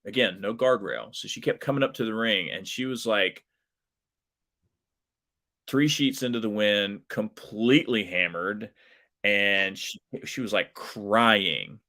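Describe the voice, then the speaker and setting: A man's voice: on the low side, a little slow. A man, a professional wrestler, telling a wild story as a guest in a casual interview with lots of fillers. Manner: animated, chatty, lots of fillers.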